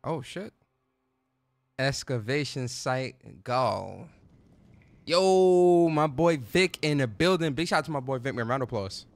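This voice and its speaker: A man's voice: mid-range voice, lively intonation, unhurried, no room sound. A man streaming a game, chatting casually in slang and greeting viewers by name. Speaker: gaming streamer. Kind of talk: live let's play commentary.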